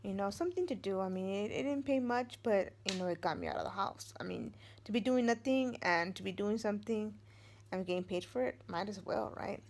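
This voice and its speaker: A middle-aged woman talking to the camera at home, winding through a personal story in a loose, rambling way. Her voice has a gravelly, creaky edge at an ordinary pitch. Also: a little fast, slight background noise. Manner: rambling, meandering delivery. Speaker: vlogger. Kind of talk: casual storytelling.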